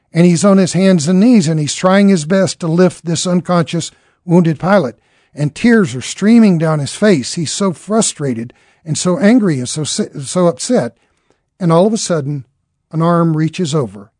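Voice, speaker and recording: A man's voice: a little high, darkish tone, no echo, clean studio sound. A man telling a dramatic story in an earnest way, acting out the characters' lines as he goes.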